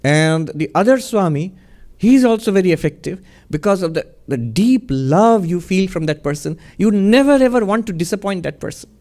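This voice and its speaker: A man, a monk, giving a spiritual talk in a gentle, reflective storytelling manner, often chuckling. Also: high voice, lively intonation, normal speed, few pauses.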